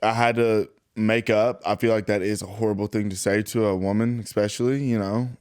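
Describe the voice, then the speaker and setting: A man's voice: on the low side, steady tone, a little fast, a little mellow, clean tone, no room sound. Laughing man chatting on a podcast. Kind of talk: casual podcast chat.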